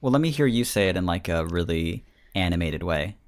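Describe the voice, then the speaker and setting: A man's voice: low voice, lively intonation, brisk. A man co-hosting a podcast, reading a listener's email aloud, stumbling, laughing and swearing freely as he goes. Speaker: podcast co-host.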